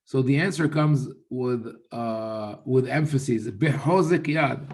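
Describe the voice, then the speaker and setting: A male rabbi with a mid-range, slightly mellow voice teaches religious texts in an unhurried, thoughtful way. He frequently restarts his sentences and quotes passages in Hebrew.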